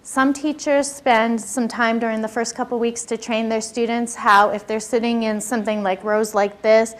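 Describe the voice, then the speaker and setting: A woman's voice: a little high, flat delivery, normal speed. Woman lecturing a teacher workshop. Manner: conversational, asks the audience questions.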